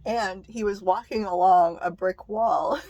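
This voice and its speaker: A woman's voice: mid-range voice, unhurried, dark tone, no echo. A young woman vlogger telling stories to the camera in a blunt, profane, casual way. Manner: blunt and profane, laughing between remarks.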